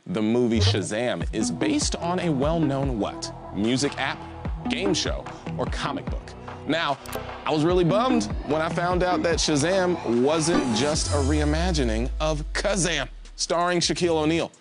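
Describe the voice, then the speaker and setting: A man's voice: fairly high pitch, measured pace, music in the background. A man hosting a live trivia game show, reading questions and cracking goofy jokes between them. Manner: jokey, animated, goofy asides.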